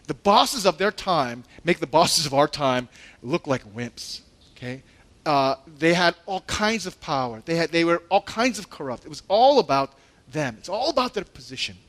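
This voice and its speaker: A pastor delivers a sermon from the pulpit at a moderate pace, his fairly high, very lively voice climbing and dropping a lot. He is conversational and animated, chatting with the congregation, laughing at his own asides, and acting out the disciples' lines in a raised, indignant voice.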